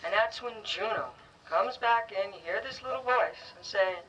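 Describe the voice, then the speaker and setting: A woman giving a heartfelt speech as a guide dog school graduate, earnest and speaking in short, halting phrases. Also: medium pitch, a bit bright, muffled recording. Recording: distant, faintly noisy ceremony recording.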